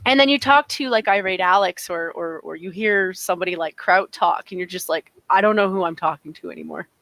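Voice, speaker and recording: A woman's voice: lowish voice, brisk, gravelly, fairly bright tone, no echo, low-quality recording. Chatty Canadian woman, dry sound. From Alberta, Canada. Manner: chatty, laughs often, repeats words. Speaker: podcast co-host. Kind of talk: casual chat.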